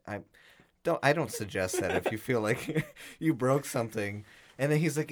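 A man's voice: medium pitch, a little fast. A young man co-hosting a podcast, casually telling a funny story, acting out the voices of friends and laughing along. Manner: animated storyteller, acts out quotes, laughs often. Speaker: podcast co-host.

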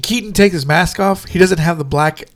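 A man co-hosting a podcast, chatting casually about movies, laughing often and swearing, with many drawn-out fillers. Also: sits high. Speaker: podcast co-host.

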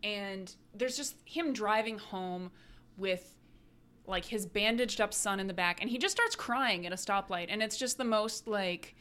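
A woman co-hosting a podcast, chatting casually and retelling events in an animated way, full of "like". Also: mid-range voice, a little slow, smooth. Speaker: podcast co-host.

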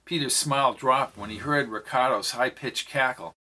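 A man narrates a novel as a scripted audiobook, reading every character's dialogue in his own voice. His medium-pitched voice sounds pushed and bright, at a normal speed.

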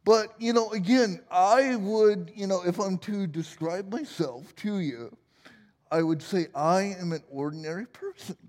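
A man's voice: high voice, unhurried, darkish tone, long reverb tail. A man in his forties preaching a sermon as pastor, playful and joking at his own expense. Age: 40s. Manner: playful, self-deprecating humor.

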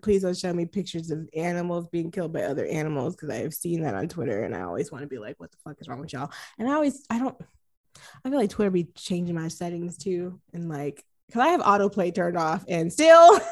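A woman co-hosting a podcast in casual chat, animated and laughing often, with frequent swearing. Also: fairly low pitch. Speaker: podcast co-host.

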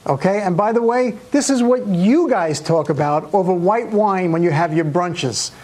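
Male, high voice, blunt and dismissive, recorded statement. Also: normal speed, darkish tone. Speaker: actor in a played clip.

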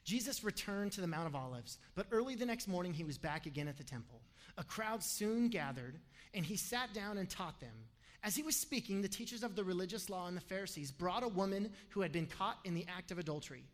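A man preaches a sermon in a lively, animated way, slipping in humorous asides between points. His voice sits high for a man and carries a long reverb, as from a large hall. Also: a little fast. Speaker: pastor.

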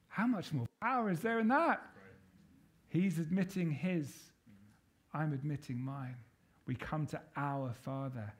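High-voiced man preaching an emphatic sermon. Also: expressive, unhurried. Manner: emphatic, rallying the congregation with call-and-response questions.

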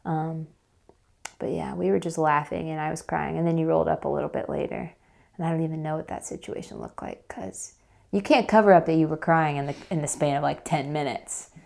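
Female interview guest: low voice with vocal fry, casual and chatty, heavy on filler words. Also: a little fast, a little mellow. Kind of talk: casual storytelling.

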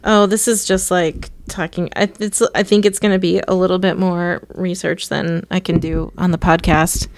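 A woman's voice: fairly low pitch, level tone, moderate pace, darkish tone, dry recording. A young adult woman co-hosting a podcast, chatting casually and giving opinions in long rambling runs with restarts. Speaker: podcast co-host. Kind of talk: casual chat.

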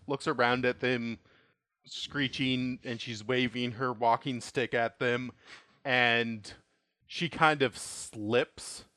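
A man acting as game master, describing the scene in halting, relaxed bursts and laughing often. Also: mid-range voice, no room sound, studio quality. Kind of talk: narrating a tabletop game over a call.

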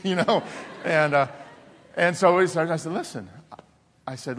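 A man preaching a sermon as pastor, telling animated personal stories, laughing often and dropping to soft, intense tones. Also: on the high side, normal speed. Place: church sanctuary. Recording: long reverb of a church hall.

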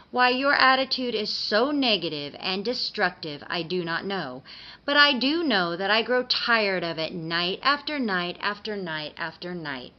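A woman's voice: medium pitch, dull audio, lightly acted. A woman voicing a prim, earnest tooth fairy. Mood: scolding. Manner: scolding, then pleading.

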